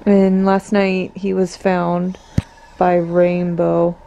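A young woman and mother filming a casual home vlog on a handheld camera, gushing and excitable. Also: lowish voice, extremely slow, gravelly, a little hiss or hum. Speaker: vlogger and mother. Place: family home.

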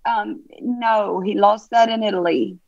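A woman pastor with a Southern US accent, speaking in a relaxed, affectionate way during an interview. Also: mid-range voice, gravelly, no room sound, highs cut off. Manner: affectionate, unhurried with fillers. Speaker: pastor and guest. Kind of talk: casual interview chat.

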